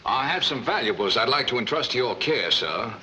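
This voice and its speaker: A man's voice: medium pitch, lively intonation, fairly quick, pushed and bright, a little hiss or hum. A man playing a polite hotel guest, speaking in a formal, courteous way, in 1940s film comedy style.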